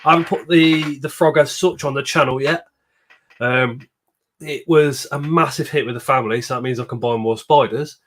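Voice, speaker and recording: A man's voice: medium pitch, steady tone, moderate pace. Sniffly man hosting a livestream. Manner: chatty, laughs often, greets viewers by name. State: sniffly from a cold. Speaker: livestream host. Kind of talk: casual livestream chat.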